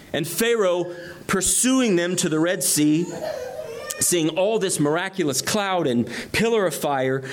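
Guy preaching a bible sermon, kinda high voice, swings up and down a lot as he explains each verse. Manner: reads scripture aloud and explains it verse by verse; animated, rising emphasis on key phrases. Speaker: pastor. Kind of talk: expository sermon.

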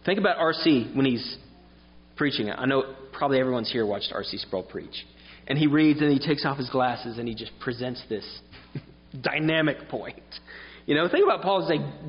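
A man's voice: on the high side, expressive, moderate pace. A man preaching a sermon in an earnest, emphatic, explanatory way. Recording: dull sound with long reverb in a hall.

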